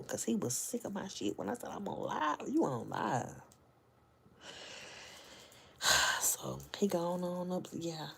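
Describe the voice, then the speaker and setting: A woman's voice: medium pitch, darkish tone, breathy edge. A woman hosting a casual late-night livestream from home, talking to her viewers in a chatty, slangy way and often dropping to a whisper. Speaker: livestream host and reader. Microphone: phone livestream.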